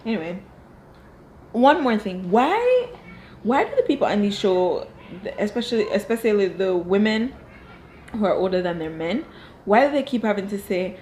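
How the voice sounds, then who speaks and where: A woman's voice: mid-range voice, sing-song, moderate pace, darkish tone, a little hiss or hum, poor audio. Exasperated woman vlogger. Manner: exasperated, rhetorical questions. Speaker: reality TV reviewer. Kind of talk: casual reaction review. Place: home room.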